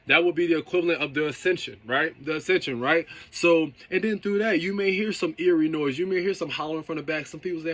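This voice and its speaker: A man's voice: on the high side, fast, few pauses, fairly bright tone. A man who runs a car detailing business, giving a casual motivational talk and often checking in with "okay?" and "right?".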